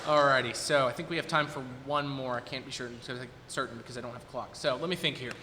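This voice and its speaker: A man's voice: medium pitch, fairly even intonation, fast talker, over a noisy crowd. A man in his twenties, a performer at his recital, chatting casually with the audience and thinking aloud as he goes. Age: 20s. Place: recital hall. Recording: long hall reverb, faint noise.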